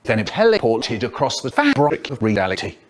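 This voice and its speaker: A man telling comic stories in a playful, animated way, full of sudden vocal swings. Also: medium pitch, fairly quick. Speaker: storyteller. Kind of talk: spliced comic storytelling clips.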